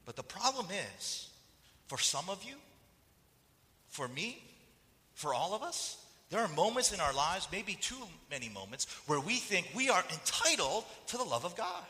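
Animated, bright-voiced preacher in a big hall. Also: male voice, high-pitched, moderate pace. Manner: animated storytelling that acts out quoted voices. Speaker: pastor. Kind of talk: conversational sermon.

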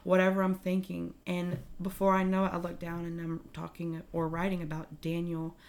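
A young woman casually telling a heartfelt personal story, animated and full of fillers. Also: fairly low pitch, moderate pace. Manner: animated, emotional retelling with many fillers. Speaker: guest telling her faith story.

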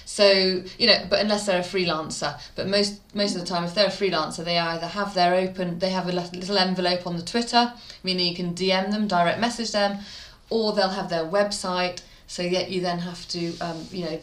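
A woman's voice: lowish voice, steady tone, fairly quick, few pauses, fairly bright tone, echoey room. A woman from the English Midlands, a PR expert guest chatting in an interview, telling stories animatedly and laughing often. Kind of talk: casual interview talk.

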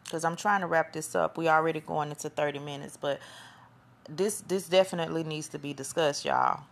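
A woman's voice: low voice, steady tone, a little fast, vocal fry. A woman hosting a podcast in a chatty, rambling monologue, often losing her train of thought. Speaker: podcast host. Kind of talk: casual monologue commentary.

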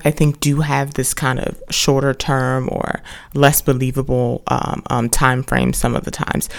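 A woman's voice: extremely low pitch, creaky, a little mellow. A woman hosting a podcast and reviewing a book series in a casual, rambling way, with many restarts and wry asides. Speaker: podcast host reviewing books.

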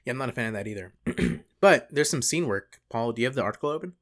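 A young man co-hosting a podcast, joking and laughing often, reading an answer aloud with deadpan asides. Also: mid-range voice, fast talker. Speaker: podcast co-host. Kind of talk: casual comedic chat, reading an answer aloud.

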